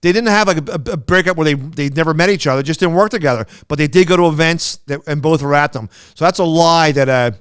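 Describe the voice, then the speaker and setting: A man co-hosting a podcast tells rambling stories, restarting sentences and slipping into quoted voices. His voice is smooth and resonant, pitched a little high. The sound is close and dry, with no room around it. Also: fast, hardly any pauses, a bit bright, dry recording. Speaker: podcast co-host. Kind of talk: casual storytelling chat.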